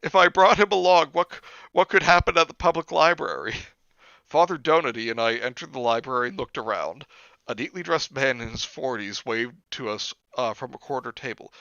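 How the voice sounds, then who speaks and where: A man's voice: medium pitch, fairly quick, sharp tone, clean tone, dry recording, lo-fi sound. A young man hosting a stream, reading a book aloud with sarcastic asides and laughter. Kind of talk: comedic read-through with commentary.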